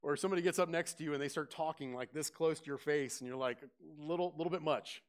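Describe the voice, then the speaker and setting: A pastor preaches a sermon in a slightly high, fast voice. He asks his congregation direct questions and raises his voice when quoting scripture.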